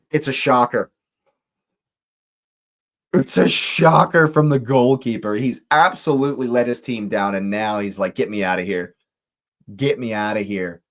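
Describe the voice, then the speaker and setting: A man hosting a live football watch-along, reacting to the match in disbelief and repeating his phrases. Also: mid-range voice. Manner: exasperated, repeats phrases, slow deliberate delivery.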